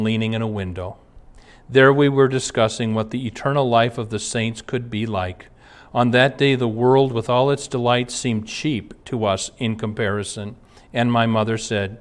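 A man, a pastor, giving an earnest sermon built around personal stories, reading passages aloud and then recounting anecdotes from his ministry. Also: mid-range voice. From Twin Cities area.

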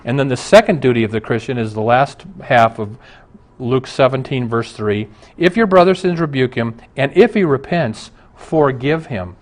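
A middle-aged man preaching a sermon for a broadcast show. He speaks in an ordinary middle register, earnest and emphatic, building to stressed points and dropping back to a quieter, conversational tone. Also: medium pitch, moderate pace. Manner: earnest, emphatic preaching with rising and falling intensity. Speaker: pastor.

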